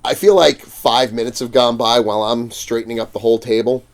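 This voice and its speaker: Here the fang-maker guest talks a little fast in a mid-range voice with fairly even intonation. Sitting in a podcast studio, he swears freely, laughs, and impersonates the people in his casual stories.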